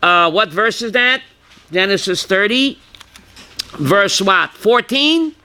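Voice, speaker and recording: Lively rabbi calling on his class. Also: high voice, takes it slowly, a little hiss or hum. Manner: calls on listeners by name, asks questions, bursts loud.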